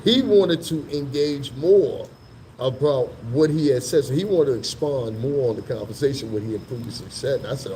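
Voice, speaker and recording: A man's voice: medium pitch, expressive, a little fast, dark tone, slight background noise, rough recording. A man vlogging in a casual, rambling storytelling monologue that is profane and full of asides. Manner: profane, rambling, laughs between remarks.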